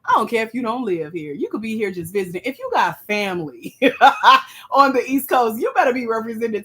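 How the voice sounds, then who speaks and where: A woman with a Southern US accent hosting a livestream, teasing and hyping up her viewers in playful, animated chat. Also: medium pitch. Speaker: livestream host and grant mentor.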